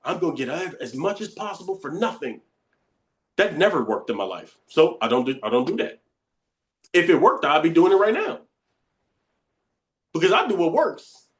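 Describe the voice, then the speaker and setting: A man teaches from a book, reading a line and then breaking it down in plain talk. He is emphatic and conversational and repeats his points. His voice sits a bit high. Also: very animated, normal speed, pauses often. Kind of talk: reading aloud and explaining a text.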